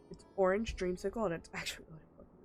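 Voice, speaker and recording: A woman's voice: on the low side, darkish tone. A woman live streaming a video game with a stuffed-up nose, chatting bluntly and with lots of swearing, laughing at herself, into a desk microphone at home. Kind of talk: casual gaming stream chat.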